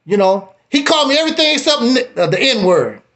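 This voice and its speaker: A man talks fast with an extremely high pitch, animatedly retelling his own experience on a live stream and repeating himself. He finishes by bluntly challenging the other speaker.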